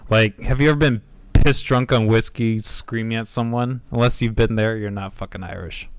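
Low-voiced man hosting a casual podcast. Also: fairly even intonation, moderate pace, smooth, no echo. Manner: easygoing, casual swearing. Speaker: podcast host.

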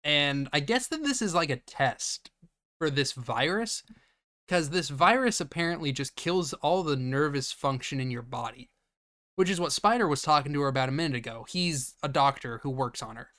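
A man's voice: fairly high pitch, lively intonation, moderate pace, a bit bright. A young man hosting a podcast, recapping a movie casually, laughing and swearing freely. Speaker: podcast host.

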